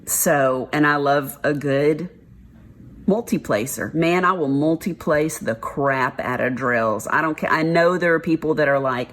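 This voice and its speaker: Low, slow-talking Texan woman, casual and blunt craft vlogger. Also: a bit bright. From Texas. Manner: rambling, frank, uses y'all and mild swearing. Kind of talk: casual chat while diamond painting.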